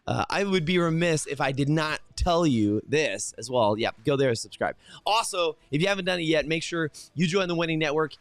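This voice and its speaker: A man's voice: fairly high pitch, expressive, fairly quick, hardly any pauses, no echo. A man hosting a morning motivational livestream, talking straight to his viewers with energy and lots of fillers and restarts. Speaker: host.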